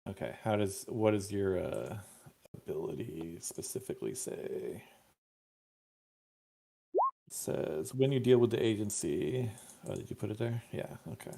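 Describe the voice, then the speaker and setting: A man runs a tabletop game in an unhurried, gravelly voice that sits a little low. He laughs easily and pauses to think, filling gaps with ums and uhs as he reads out rules. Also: animated, mellow. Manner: unhurried, laughs often, thinks aloud with fillers. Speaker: game master.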